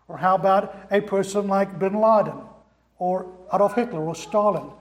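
A man's voice: high voice, darkish tone, roomy sound. A man preaching a sermon as pastor, driving points home with rhetorical questions and repetition. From America.

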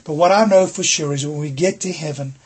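Very husky middle-aged male preacher. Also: fairly high pitch, fairly quick, darkish tone. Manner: earnest preaching with rhetorical questions to the congregation. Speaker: pastor. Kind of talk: sermon.

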